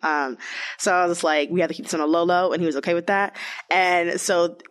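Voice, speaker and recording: A woman's voice: fairly low pitch, fairly quick. Chatty young woman telling a story. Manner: chatty, lots of "like", animated quoted voices. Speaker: interviewee. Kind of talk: casual storytelling.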